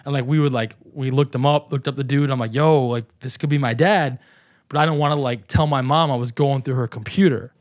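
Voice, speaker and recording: A man in his thirties with a New York accent, telling a long personal story as a guest in a casual chat, animated and salty. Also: medium pitch, a little fast. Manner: animated, profane, acts out quoted voices. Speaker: podcast guest.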